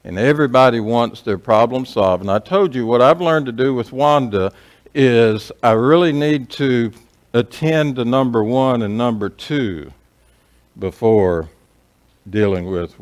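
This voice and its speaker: A middle-aged man leading a marriage seminar in a church, speaking at an ordinary middle pitch. He keeps it conversational, checking in with the audience and acting out the couples he quotes. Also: unhurried. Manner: conversational, asks the audience "right?"; acts out quoted voices. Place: church hall.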